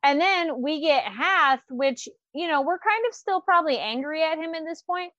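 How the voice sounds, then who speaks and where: Casting note: woman podcast host, fairly high voice, lively recap, dry dull recording. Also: moderate pace, no echo. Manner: animated, exclamatory, quotes reactions. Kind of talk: casual recap chat.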